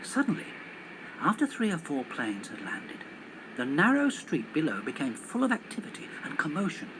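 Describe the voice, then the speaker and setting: A man reading a children's story aloud on television in an animated, expressive way. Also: on the high side, normal speed, noisy background.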